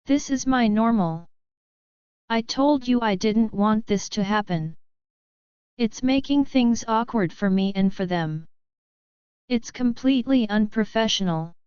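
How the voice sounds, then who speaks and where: A woman voicing a stern, calm male lieutenant who speaks in a level, matter-of-fact way. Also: fairly high pitch, unhurried, clear, resonant tone, dry recording. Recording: dull lo-fi audio.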